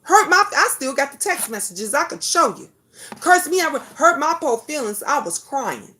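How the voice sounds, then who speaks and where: A middle-aged woman hosts a talk show, speaking in a voice pitched a little on the high side. She delivers an impassioned monologue, blunt and full of profanity. She lectures her audience the way a preacher would. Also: big pitch swings, moderate pace, pushed and bright, a little hiss or hum.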